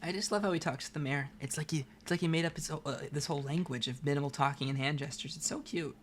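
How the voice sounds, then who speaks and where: A man's voice: a little high, fast, a little hiss or hum. A man co-hosting a casual read-along, chatty and often laughing. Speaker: co-host.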